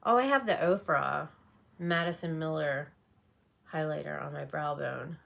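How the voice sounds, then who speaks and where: A woman's voice: sits low, unhurried, gravelly, fairly bright tone. A woman beauty vlogger chatting casually and rambling while doing her makeup. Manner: chatty, rambling, with frequent fillers. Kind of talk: casual makeup tutorial chat.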